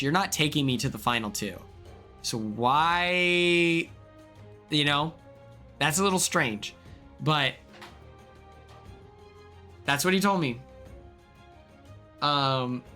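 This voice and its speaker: A young man from Oklahoma talks through his stream in a loose, rambling way, full of ums and likes, now and then jumping up in excitement. His voice sits a little high and sounds bright and sharp. Soft music plays underneath. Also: measured pace, long pauses. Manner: rambling, filler-heavy, with sudden excited outbursts. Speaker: streamer, former reality show contestant. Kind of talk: casual livestream chat.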